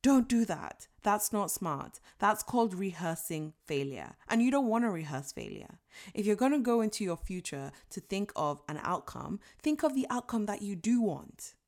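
A woman's voice: medium pitch, big pitch swings, moderate pace, darkish tone. A woman in her twenties giving an inspirational talk, earnest and emphatic, emotional as she tells her story and acts out inner voices. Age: 20s. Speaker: motivational speaker. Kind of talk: inspirational speech.

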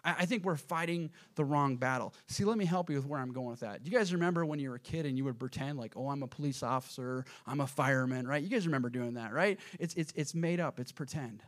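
A man preaching a sermon as pastor, addressing the congregation directly and swinging from hushed asides to loud, emphatic peaks. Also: fairly high pitch, quick pace, hardly any pauses. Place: church auditorium.

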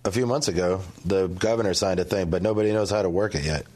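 Very deep-voiced laid-back guest. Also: male voice, fast, a little mellow. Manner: low-key, brief replies. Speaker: comedian guest. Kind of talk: casual chat.

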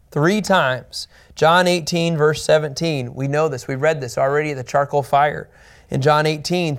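Man, pastor, Bible teaching, slightly high voice, gravelly, earnest, emphatic. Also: a bit bright. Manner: earnest and emphatic, repeats key points.

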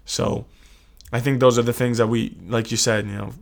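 A man's voice: mid-range voice, level tone, normal speed, vocal fry. A man from the United States co-hosting a casual sports talk show, earnest and reflective, often repeating words. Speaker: sports podcast co-host.

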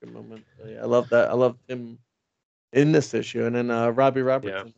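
Man, gravelly voice, casual rambling chat, dry dull lo-fi sound. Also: mid-range voice, fairly quick, no echo. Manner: rambling, lots of fillers, animated quoting. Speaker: podcast co-host. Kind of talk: casual comic-book chat.

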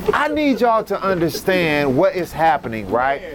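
A man's voice: on the high side, huge pitch swings, moderate pace, a bit bright. A man hosting a faith podcast as a pastor, fervent and preaching, calling out affirmations. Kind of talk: preaching-style commentary.

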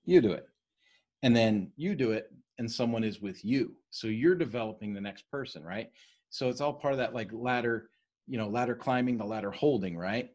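Husky fast-talking male teacher. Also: medium pitch, darkish tone. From East Coast of the US. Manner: fast-talking, keeps checking in with "right?". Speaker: leadership study leader. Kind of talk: casual teaching on a leadership book.

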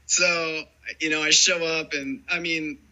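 Rambling former ballplayer, bright voice. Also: male voice, fairly high pitch, lo-fi sound. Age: 40s. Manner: rambling, animated storytelling full of "dude" and "man". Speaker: former baseball player, guest. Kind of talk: casual storytelling interview.

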